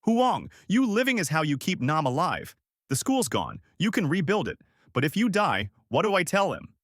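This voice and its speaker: A man's voice: fairly high pitch, sing-song, moderate pace, a bit bright, no room sound, studio quality, pitched above the performer's own voice. A man voicing a protective older village uncle who bellows orders in a flood. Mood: desperate.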